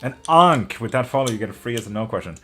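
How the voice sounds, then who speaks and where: A fast-talking man with a medium-pitched, sharp voice and lively intonation hosts a live tarot stream over soft music. He reads out viewer comments in loose, casual chat, swearing freely, laughing often, and being openly emotional and affectionate.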